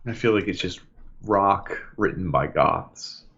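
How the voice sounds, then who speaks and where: A podcast co-host with a low, gravelly voice speaks at a measured pace on dull-sounding audio. In a casual chat, he tells stories animatedly, acting out quotes and laughing a lot.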